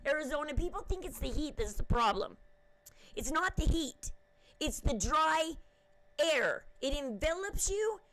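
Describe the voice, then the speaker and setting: A woman's voice: high voice, very animated, moderate pace, a bit bright, low-quality recording. A woman host rambling casually to her viewers in a chatty, emphatic way. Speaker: channel host.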